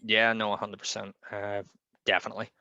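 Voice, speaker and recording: A man hosting a podcast in casual wrestling chat, talkative and quick to laugh. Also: on the low side, completely flat delivery, creaky, bright, forceful tone, dry recording, dull audio. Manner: chatty, laughs often, quick asides. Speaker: podcast host.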